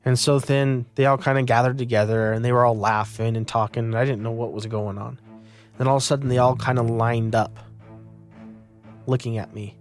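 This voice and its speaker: A man's voice: medium pitch, flat delivery, brisk, soft background music. A young man from Utah earnestly recounting his own story in an interview. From Utah, United States. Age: young adult.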